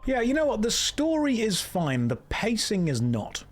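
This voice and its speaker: A man's voice: high-pitched, wildly swooping pitch, moderate pace, faint music behind. A man streaming a video game, giving sarcastic, jokey running commentary.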